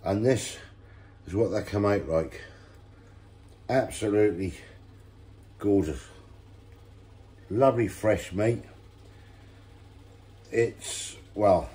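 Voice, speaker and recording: Man, very low voice, unhurried, home cooking vlog, keen on the food. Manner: relaxed, enthusiastic about the food. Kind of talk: casual cooking video.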